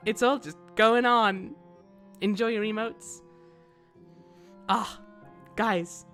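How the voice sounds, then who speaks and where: A woman's voice: mid-range voice, fairly even intonation, takes it slowly, a bit bright, soft background music. A woman streaming a game, chatting playfully with viewers and giggling between lines. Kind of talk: casual game-stream chat.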